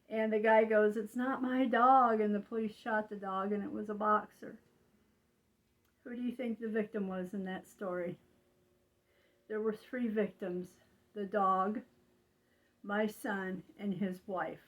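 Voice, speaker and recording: An older woman talking slowly and rambling in a confiding way, with frequent fillers. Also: medium pitch, low-quality recording. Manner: slow, rambling, confiding, with frequent "you know". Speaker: vlogger. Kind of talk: casual monologue.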